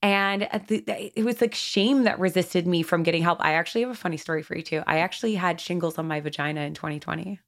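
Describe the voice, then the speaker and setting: A woman hosting a podcast, telling personal stories in an animated, chatty way. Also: fairly low pitch, fast talker, few pauses. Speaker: podcast host. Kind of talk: casual conversational chat.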